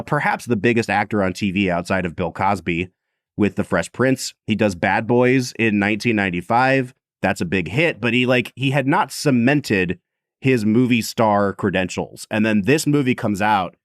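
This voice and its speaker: Animated man chatting about movies. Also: mid-range voice, normal speed, no echo, studio quality. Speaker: podcast co-host. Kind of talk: casual movie discussion.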